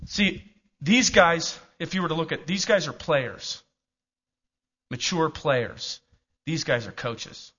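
A middle-aged man preaching a sermon in a church, telling stories and asking the congregation questions. His voice is bright and sits a little high. The recording is muffled and lo-fi. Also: lively intonation, slow pace, pauses often, slightly rough. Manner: storytelling, asks the congregation questions. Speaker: pastor. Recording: dull lo-fi recording.

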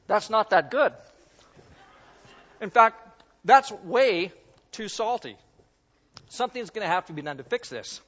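Male pastor, high-pitched, casual demo-style preaching; muffled recording in a big echoing hall. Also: animated, measured pace, long pauses, a bit bright. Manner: conversational, self-deprecating, demonstrates while talking. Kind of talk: sermon with a live object lesson. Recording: dull sound in a reverberant hall.

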